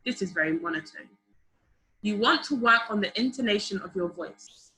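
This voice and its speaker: A young woman leading a public speaking workshop over a video call, lively and encouraging, often asking the group questions. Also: medium pitch, brisk. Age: young adult. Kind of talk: online seminar teaching. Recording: roomy video call audio.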